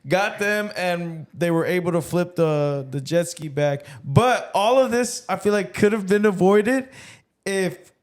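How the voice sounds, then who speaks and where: A man's voice: sits high, lively intonation, unhurried. A young man co-hosting a casual talk show, cutting in to take over the story and laughing along. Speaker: podcast co-host. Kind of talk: casual chat.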